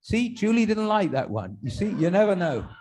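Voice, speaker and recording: A man's voice: high-pitched, very animated, normal speed, darkish tone, a little hiss or hum. A man telling a string of jokes to his congregation as a rabbi, with chatty, self-deprecating asides between punchlines. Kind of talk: stand-up joke telling to a congregation.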